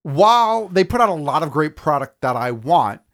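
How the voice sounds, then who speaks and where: A man with a somewhat high voice co-hosts a casual podcast. He rambles happily with plenty of fillers and restarts. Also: big pitch swings, normal speed, fairly bright tone. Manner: rambling, filler-heavy, enthusiastic about toys. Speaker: podcast co-host. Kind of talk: casual chat.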